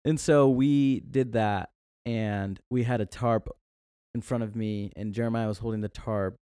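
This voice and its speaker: A young adult man as a guest in a casual chat, telling stories in an animated way and laughing often. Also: lowish voice, unhurried, clear, resonant tone, no echo, studio quality. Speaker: podcast guest.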